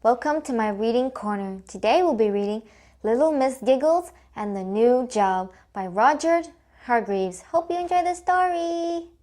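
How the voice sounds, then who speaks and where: A woman's voice: a little high, animated, normal speed, warm tone. A woman reading a children's story aloud in a cheerful way, stopping to ask young listeners questions.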